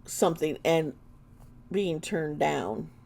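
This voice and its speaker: A woman's voice: deep voice, expressive, slow, creaky, darkish tone. A woman doing an intuitive tarot reading for her vlog, earnest and emotional, often trailing off mid-sentence. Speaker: tarot reader.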